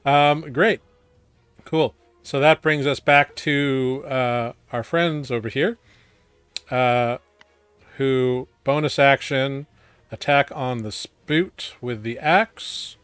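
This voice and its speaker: An unhurried man narrating a tabletop game, filling pauses and catching his own slips. His voice sits dry and close to the mic. Faint music plays beneath. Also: mid-range voice, smooth, no echo. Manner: relaxed, with frequent fillers and quick self-corrections. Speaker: game master.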